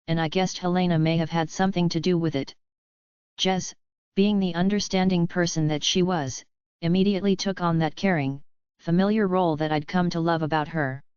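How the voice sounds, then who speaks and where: A woman reading a first-person audiobook in a steady, measured way. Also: on the low side, clear, resonant tone, dry recording. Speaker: audiobook reader. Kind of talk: scripted narration. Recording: dull lo-fi audiobook recording.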